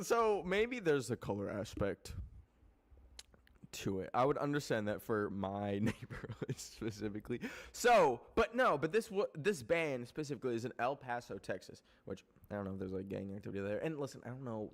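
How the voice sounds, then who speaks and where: Young man from Canada, streamer, casual rant to chat, rambling and profane, plenty of filler words, mid-pitched. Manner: animated, rambling, heavy swearing and filler words.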